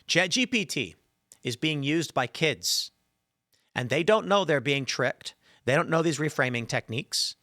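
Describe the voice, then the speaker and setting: A man's voice: on the high side, animated, unhurried, sharp tone, dry recording, clean studio sound. A man hosting a podcast, telling an exasperated, sarcastic story and acting out both sides of his chats. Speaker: podcast host. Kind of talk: animated opinionated monologue.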